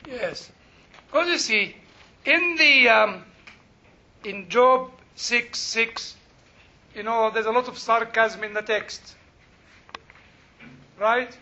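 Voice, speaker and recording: A man leads a Bible class with a very high, bright voice, animated and joking as he quizzes the room. The recording is dull and lo-fi. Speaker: Bible study teacher. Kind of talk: interactive class teaching. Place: classroom with a group.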